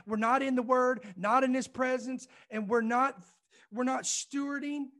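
A man's voice: very high-pitched, fairly bright tone. A man preaching a fervent, emphatic sermon, often breaking in with "listen" and restarting his sentences as he grows heated. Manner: fervent, emphatic, repeats "listen" and "I'm telling you"; restarts and stumbles when heated. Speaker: preacher and ministry host. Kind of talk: impassioned sermon.

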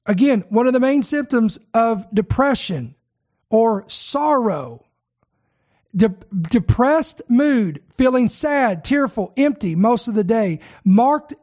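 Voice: mid-range voice, lively intonation, slow pace, darkish tone. A preacher delivering a sermon, speaking earnestly, repeating key words for emphasis and addressing the listeners directly.

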